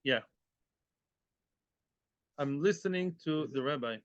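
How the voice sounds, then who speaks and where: A man teaching a daily Talmud class, lively and conversational, mixing in Hebrew and Yiddish terms and often checking in with "yeah?". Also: on the high side, takes it slowly. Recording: dull lo-fi recording.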